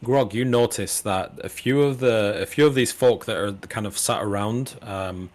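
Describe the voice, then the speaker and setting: A low-voiced man narrates a tabletop game as game master. He talks casually, stopping and restarting his sentences as he describes the scene. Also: moderate pace, darkish tone. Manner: loose, full of fillers and restarts.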